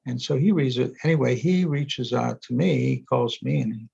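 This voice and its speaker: Older male guest, casual storyteller, husky voice, muffled video-call sound. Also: medium pitch, normal speed, a little mellow. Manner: rambling anecdotes with many fillers and restarts. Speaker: interview guest, energy psychology author. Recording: dull lo-fi sound.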